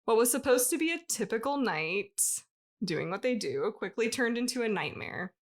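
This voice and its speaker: A woman's voice: a little high, sing-song, moderate pace. A woman co-hosting a podcast, reading a ghost story in a loose, chatty way and often breaking into laughter. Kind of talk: casual podcast chat, reading a written story.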